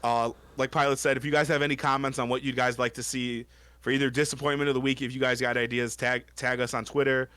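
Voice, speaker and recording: A man's voice: mid-range voice, little pitch movement, fast talker, bright, forceful tone, no echo. A man co-hosting a sports podcast, ranting angrily with heavy swearing and repeating himself. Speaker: podcast co-host. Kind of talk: profane sports rant.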